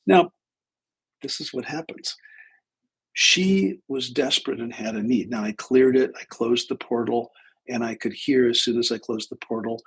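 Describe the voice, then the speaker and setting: A man's voice: medium pitch, moderate pace, husky, rough recording. A man hosting a livestream as a spiritual teacher, telling a story casually, often breaking off mid-sentence. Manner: rambling, self-interrupting, acts out dialogue.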